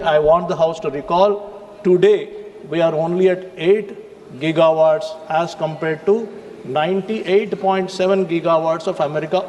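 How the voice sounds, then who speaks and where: A man's voice: high-pitched, a little mellow, in a large hall. A man with an Indian English accent giving a formal, emphatic parliamentary speech, addressing the chair as a member of parliament. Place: large parliamentary chamber.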